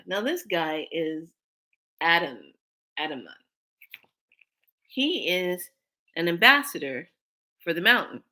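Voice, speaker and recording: On her spiritual channel, a woman with a fairly low-pitched voice shares a personal story in a casual, animated way, jumping between loud outbursts and quiet asides.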